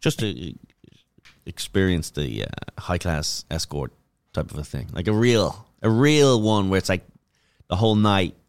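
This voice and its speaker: A man's voice: sits low, expressive, measured pace, clean tone. A man hosting a podcast, chatting casually and throwing in crude, reactive remarks.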